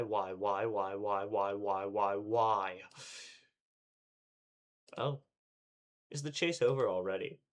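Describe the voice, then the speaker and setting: A male streamer reading a visual novel aloud with dramatic delivery, acting out panting and breathlessness. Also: fairly low pitch.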